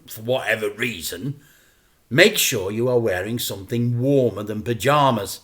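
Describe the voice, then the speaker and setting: A male teacher reading a children's story aloud in a playful, expressive way. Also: lowish voice, moderate pace.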